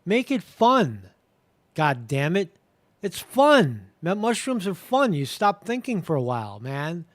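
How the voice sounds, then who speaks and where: A man's voice: high voice, sing-song, slow, no echo. A man hosting a live show, talking in a rambling casual monologue that repeats words and swears now and then.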